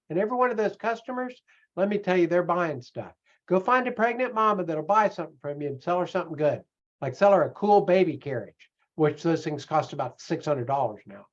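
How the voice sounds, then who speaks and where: Rambling, animated man on a dull stream. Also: on the high side. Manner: animated, self-mocking, breaks into voices. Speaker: online business coach. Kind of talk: live-streamed rambling talk.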